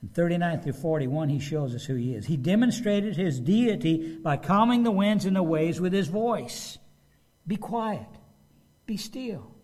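A man preaches in a casual, animated way, as if talking to friends. His voice is slightly high and swings widely in pitch, and he often drops into quoted speech to act it out. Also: moderate pace, hardly any pauses. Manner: animated, conversational, acts out quotes. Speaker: pastor. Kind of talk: sermon.

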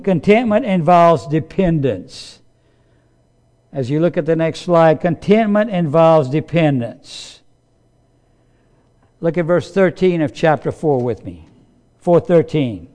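A man preaching a sermon, emphatic, repeating key phrases and swelling louder on his points. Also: a little high. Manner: slow, deliberate delivery. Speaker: pastor.

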